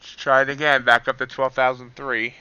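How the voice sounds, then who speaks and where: A man giving casual live commentary on the futures market as he trades, excitable and sometimes talking with his mouth full. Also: medium pitch, a little fast, clear, resonant tone, no room sound, muffled recording. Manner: excitable, eating while talking.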